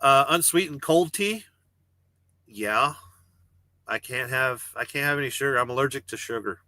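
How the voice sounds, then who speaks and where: A man's voice: mid-range voice, normal speed, sharp tone, dry recording. A man who drives a truck hosts a casual livestream from his parked cab, reading viewer comments aloud, rambling, joking and swearing freely. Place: parked truck cab with refrigerated trailer running.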